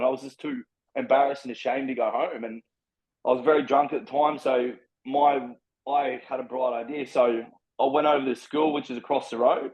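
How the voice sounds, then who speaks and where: A podcast guest from Brisbane, Australian-accented and medium-pitched, tells his life story at a moderate pace with fairly even intonation. His candid account rambles and is heavily profane, and the audio is dull.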